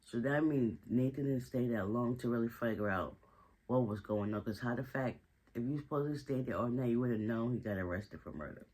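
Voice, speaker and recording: Male recap vlogger, relaxed and slangy, mid-range voice. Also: medium pitch, fairly quick, rough recording. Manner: slangy, chatty storytelling with frequent asides. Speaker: TV show recap host. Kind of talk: casual episode recap.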